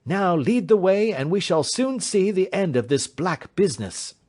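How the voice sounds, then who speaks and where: A man's voice: high voice, normal speed, pitched above the performer's own voice. A man doing a keen commanding detective. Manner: crisp, authoritative, animated.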